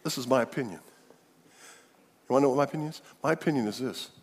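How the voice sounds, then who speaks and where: A man's voice: mid-range voice, fast, breathy edge, in a large hall. An older man preaching a sermon as pastor, emphatic, often repeating words and restarting phrases.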